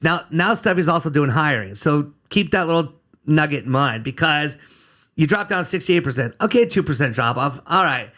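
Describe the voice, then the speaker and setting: Blunt, bright-voiced male defense attorney. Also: fairly high pitch, animated, normal speed. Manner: blunt, sarcastic, curses freely. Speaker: criminal defense attorney, podcast guest. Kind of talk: casual podcast interview.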